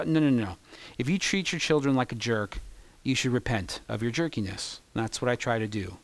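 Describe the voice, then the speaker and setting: A man preaching a sermon as pastor, impassioned, swinging between loud peaks and hushed, confessional asides. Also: mid-range voice, lively intonation, moderate pace, no room sound.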